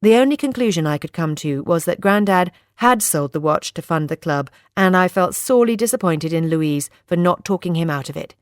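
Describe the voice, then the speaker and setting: A woman narrating a first-person novel in a measured, steady reading. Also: lowish voice, no room sound, clean studio sound. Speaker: audiobook narrator.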